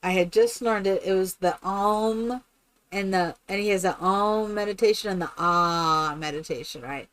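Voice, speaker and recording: A woman streaming a game who chats casually and tells stories in an animated way. She laughs often and keeps asking "right?". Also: medium pitch, moderate pace, clean tone. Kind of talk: casual chat while playing a game.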